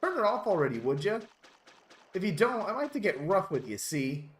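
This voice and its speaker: A man's voice: high voice, very animated, brisk, reverberant, pitched above the performer's own voice. A man voicing a tough-talking male dolphin in a clipped, old-time gangster manner with threats. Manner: clipped, threatening, tacks on "see?".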